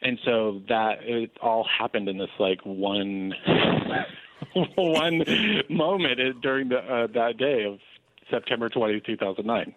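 A man telling his personal story as an interview guest, earnest and animated, with frequent restarts. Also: medium pitch, takes it slowly, no echo. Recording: dry tinny phone-like line.

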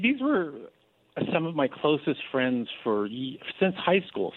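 A man telling his personal story as an interview guest, earnest and animated, with frequent restarts. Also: medium pitch. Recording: dry tinny phone-like line.

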